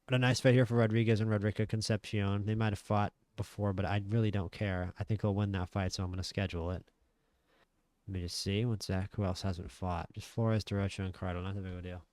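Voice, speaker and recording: A man's voice: lowish voice, flat delivery, fast talker, a little mellow, no echo. A man giving casual let's-play commentary, thinking aloud with frequent restarts. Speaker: gaming channel host.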